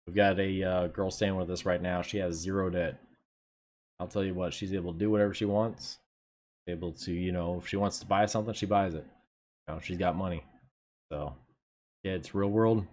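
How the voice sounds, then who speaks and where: A fairly low-voiced young man streaming a game. He talks to his viewers in a relaxed, off-the-cuff way and swears casually. His commentary stays loose and unscripted. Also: normal speed, long pauses. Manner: chatty, laid-back, swears casually, talks to chat. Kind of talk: casual live gameplay commentary.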